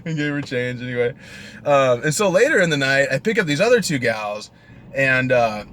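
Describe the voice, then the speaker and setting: A man's voice: medium pitch, background noise. A young man and rideshare driver casually telling stories in a chatty, exasperated way, full of fillers. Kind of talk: casual storytelling vlog.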